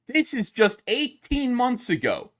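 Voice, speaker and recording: A man streaming his reactions to videos, yelling and swearing in an exasperated rant from home. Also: extremely high pitch, huge pitch swings, measured pace. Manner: loud, exasperated, profane yelling. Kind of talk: angry commentary rant. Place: home, downstairs.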